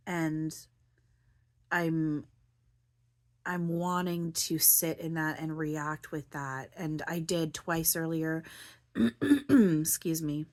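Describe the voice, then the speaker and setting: A woman with a low voice talks through her feelings in a loose, rambling monologue. She keeps restarting her sentences and leans on "like" and "you know". Her voice sounds close to tears. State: near tears, voice breaking. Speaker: spiritual channeler and vlogger.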